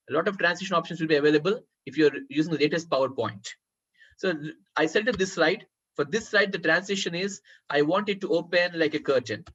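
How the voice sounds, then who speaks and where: A man running a live software tutorial as a workshop trainer, often calling his listeners friends and checking whether they can see the screen. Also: on the high side, breathy edge. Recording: muffled lo-fi recording.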